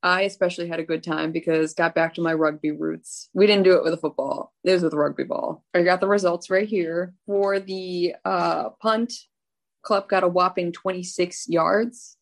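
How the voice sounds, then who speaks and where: A woman's voice: lowish voice, steady tone, normal speed, creaky. A woman co-hosting a podcast, reading out results in a matter-of-fact, teasing way. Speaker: podcast co-host. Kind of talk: casual chat, reading results.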